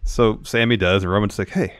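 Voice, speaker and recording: A man's voice: sits low, brisk. A man co-hosting a wrestling podcast, retelling the show's segments step by step in casual chat. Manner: steady play-by-play retelling of segments. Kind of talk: casual show recap chat.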